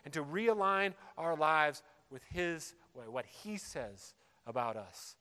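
A man's voice: a little high, very animated, takes it slowly, sharp tone. A man preaching a sermon as a pastor, earnest and emphatic, repeating key phrases for weight. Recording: long hall reverb.

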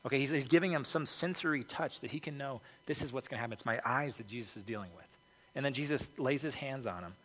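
A man's voice: medium pitch, quick pace, a bit bright. A man preaching a conversational sermon as pastor, informal and peppered with "okay" and "like". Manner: informal, peppered with 'okay' and 'like'. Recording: reverberant hall.

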